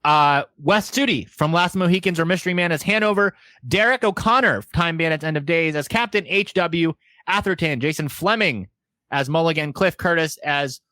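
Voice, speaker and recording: A man's voice: fairly high pitch, normal speed, sharp tone, no room sound. Dry-sounding man reading film credits. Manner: profane, jokey. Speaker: podcast co-host.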